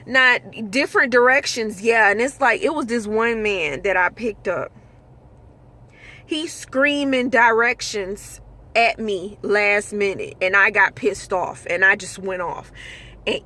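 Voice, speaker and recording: Young woman driver venting about riders, slow unhurried talk, kinda high voice, cusses a lot. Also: bright, forceful tone. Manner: blunt, exasperated, swears freely. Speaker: rideshare driver telling stories. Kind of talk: casual storytime vlog.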